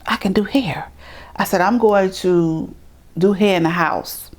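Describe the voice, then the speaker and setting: A middle-aged woman from New York telling her life story in an interview, animated and acting out the people she quotes. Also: medium pitch, a little slow. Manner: animated, acts out quoted voices, repeats words. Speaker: interview guest. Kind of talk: storytelling in conversation.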